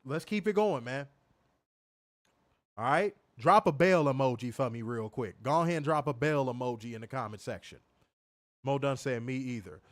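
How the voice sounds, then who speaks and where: A man's voice: medium pitch, lively intonation, normal speed, long pauses, dry recording. A man hosting a live wrestling review stream, talking casually and profanely, repeating himself and reading viewer comments aloud. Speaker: wrestling show reviewer on a livestream.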